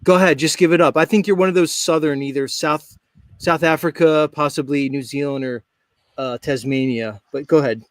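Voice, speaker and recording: A man's voice: a little high, fairly even intonation, brisk, no echo. A man hosting a live stream show, talking in a brash, joking, rambling way. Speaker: host. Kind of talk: casual live stream chat.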